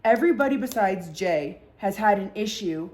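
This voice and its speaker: A woman's voice: medium pitch, expressive, normal speed, darkish tone. Young woman, storytime vlog host, rambling, swears a lot, fillers everywhere. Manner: rambling, heavy swearing, lots of "like". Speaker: podcast vlogger. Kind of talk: casual storytime chat.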